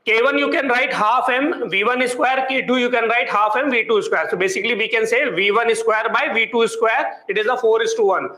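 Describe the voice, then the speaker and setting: A man's voice: extremely high pitch, normal speed, sharp tone, reverberant, poor audio. A man teaching physics problems step by step in class, constantly quizzing his students with questions. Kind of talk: classroom problem-solving lecture.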